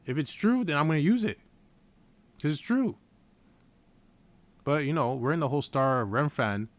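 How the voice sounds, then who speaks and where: A man preaching informally from scripture in a blunt, profane, heated way, reading the verses slowly and deliberately. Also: fairly high pitch, expressive, dry recording. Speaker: scripture teacher.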